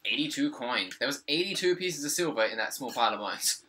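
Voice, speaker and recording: A young man talks through a game at his desk, trading sarcastic, exasperated jabs with a friend. His voice is very bright and sharp. A faint hiss sits under the recording. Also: medium pitch, animated, brisk. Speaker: gameplay commentator. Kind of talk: casual let's play commentary. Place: home room.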